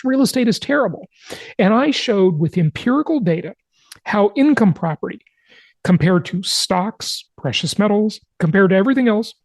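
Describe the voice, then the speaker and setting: A man's voice: sits high, darkish tone, no echo, clean studio sound. A man hosting his own podcast, talking emphatically and persuasively through market numbers and brushing off his critics. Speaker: podcast host. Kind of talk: solo podcast monologue with slides.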